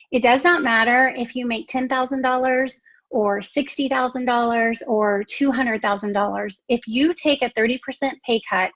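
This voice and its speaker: A middle-aged woman sharing her personal career story in an earnest, heartfelt way, often speaking directly to her listeners. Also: a little high. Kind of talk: personal testimony talk. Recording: dull lo-fi audio.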